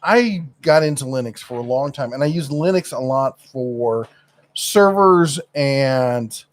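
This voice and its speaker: A man's voice: medium pitch, expressive, slow. Rambling middle-aged man on a live stream. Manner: rambling, searches for words with many fillers. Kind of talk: casual live-stream chat.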